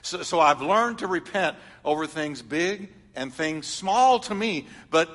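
A middle-aged man preaching a sermon, telling stories and swinging from loud emphatic lines to soft confiding ones. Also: a little high, animated, a little slow, in a large hall. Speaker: pastor.

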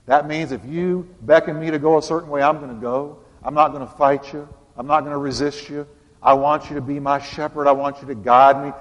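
A male pastor preaching a sermon with dramatic emphasis, repeating phrases and slowing down on key words. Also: fairly high pitch, fairly even intonation, big-room sound, highs cut off. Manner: dramatic preaching with emphatic repetition and slowed punch lines.

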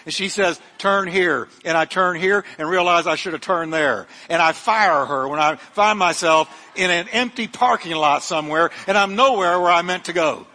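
A man's voice: high-pitched, normal speed, hardly any pauses, sharp tone, in a large hall. A male pastor preaching a sermon, fervent and emphatic, with humorous asides to his congregation. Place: church sanctuary.

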